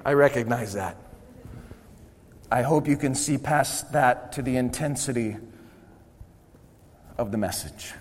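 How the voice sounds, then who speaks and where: A man's voice: mid-range voice, measured pace, pauses often, a little hiss or hum. A man preaching a sermon to a congregation in a church, with impassioned, emphatic delivery. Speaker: pastor. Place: church sanctuary before a congregation. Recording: long hall reverb.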